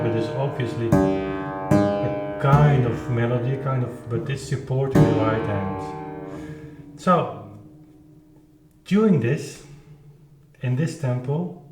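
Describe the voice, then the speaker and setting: A man who is not a native English speaker, explaining his playing in an informal music lesson, halting and searching for words with many restarts. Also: medium pitch, darkish tone, roomy sound. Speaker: keyboard performer explaining his recording.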